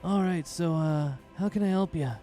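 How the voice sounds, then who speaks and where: A man's voice: on the high side, moderate pace, mellow, soft background music, voice pushed up, lightly acted. A man voicing a friendly female orc tattoo artist who talks in an easygoing, businesslike way. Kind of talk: tabletop role-play voicing.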